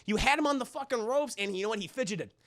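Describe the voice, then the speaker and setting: A streamer casually retelling a story to chat, profane and animated, laughing often. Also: medium pitch, fast, gravelly. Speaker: streamer recapping a film.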